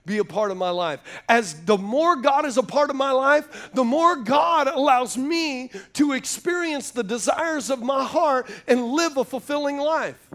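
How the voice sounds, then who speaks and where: A man's voice: very high voice, unhurried, few pauses, a bit bright. A man preaching a sermon, telling folksy stories and calling out to the congregation. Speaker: pastor.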